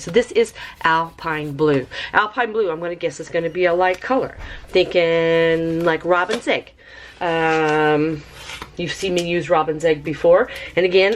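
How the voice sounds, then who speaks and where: A woman hosting a casual craft review vlog, chatty and excitable, talking to viewers like friends. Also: a little hiss or hum. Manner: bubbly and excitable, squeals with high delight. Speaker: craft video host.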